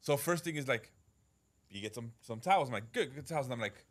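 A man's voice: medium pitch, lively intonation, quick pace. A man co-hosting a casual podcast who tells stories with acted-out quotes, swears freely and laughs often. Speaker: podcast co-host.

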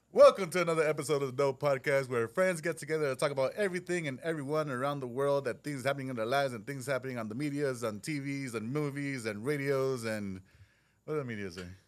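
A man's voice: medium pitch, fast. A man hosting a casual podcast, rambling, trailing off mid-sentence and laughing a lot. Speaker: podcast host.

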